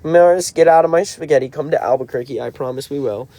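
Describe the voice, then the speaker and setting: A man's voice: fairly high pitch, fast talker, mellow. A man in his twenties in a car, chatting casually on a livestream and answering viewer comments. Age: 20s. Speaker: band member hosting a livestream.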